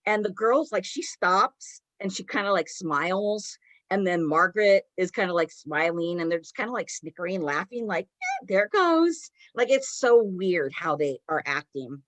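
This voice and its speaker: A woman co-hosting a podcast, retelling a story in a casual, animated way with lots of "like". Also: fairly low pitch, normal speed, dry recording. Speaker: podcast co-host.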